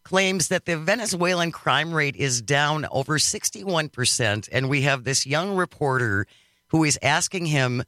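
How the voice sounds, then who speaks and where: A man's voice: on the high side, measured pace, no room sound, studio quality. A man hosting a talk radio show, taking texts and callers and mocking what he reports. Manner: animated, mocking paraphrase. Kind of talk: casual talk radio banter. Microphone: studio mic.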